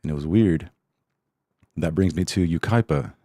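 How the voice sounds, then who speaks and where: Very deep-voiced casual man. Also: normal speed, warm tone, no echo, clean studio sound. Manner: rambling, self-deprecating, laid-back. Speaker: podcast host. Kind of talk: casual solo podcast chat.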